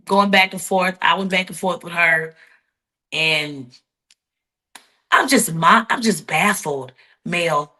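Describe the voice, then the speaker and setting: A woman guest in an interview, telling her story bluntly and defiantly, with many quick restarts. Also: medium pitch, pushed and bright. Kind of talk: heated interview talk.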